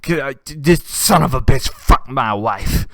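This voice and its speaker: A man's voice: medium pitch, lively intonation, fairly quick, dry recording, clean studio sound, natural voice. Man voicing an enraged, profane bar husband, raised and strained. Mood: furious. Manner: shouting, profane. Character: angry middle-aged man, husband at a bar.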